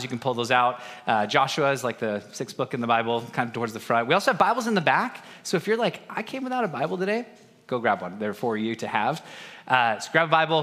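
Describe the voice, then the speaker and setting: Man, thirties, pastor, conversational sermon, self-deprecating, bright tone, echoing church hall. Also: mid-range voice. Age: 30s. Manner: conversational, self-deprecating, acts out family dialogue. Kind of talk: casual sermon with personal stories. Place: church auditorium. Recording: long hall reverb.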